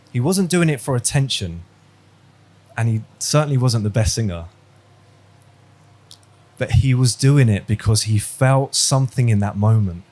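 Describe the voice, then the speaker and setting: A man's voice: medium pitch, a little mellow. Man, religious teacher on a video call, chatty question-asking style. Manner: conversational, quizzing students, storytelling. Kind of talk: online class lesson.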